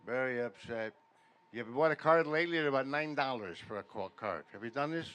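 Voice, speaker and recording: A man doing a stand-up comedy set in a veterans' hall, telling deadpan stories that build louder toward each punchline. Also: mid-range voice, fast, clean tone. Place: veterans' hall function room.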